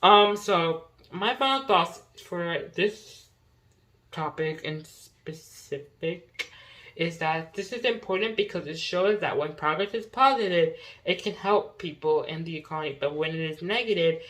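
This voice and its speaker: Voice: mid-range voice, a bit bright, low-quality recording. Young rambling solo podcaster. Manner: rambling, chatty, many "like"s and self-corrections. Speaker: podcast host. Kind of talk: casual solo podcast, reading notes.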